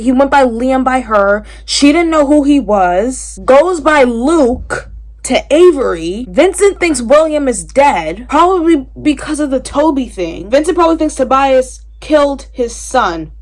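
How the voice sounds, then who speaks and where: A woman reacting to a book in a casual reading vlog, animated and exasperated, swinging between loud outbursts and tired mumbling. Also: high voice. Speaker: book vlogger.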